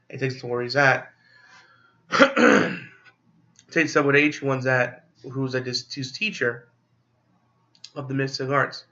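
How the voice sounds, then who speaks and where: A man's voice: medium pitch, sharp tone, highs cut off. A man casually recapping a film plot as a movie reviewer, rambling with many fillers and restarts.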